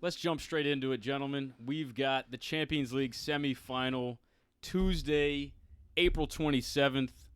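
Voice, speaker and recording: A man's voice: mid-range voice, smooth, no room sound. A man co-hosting a casual soccer podcast, joking around and rattling off team news with hype. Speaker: podcast co-host.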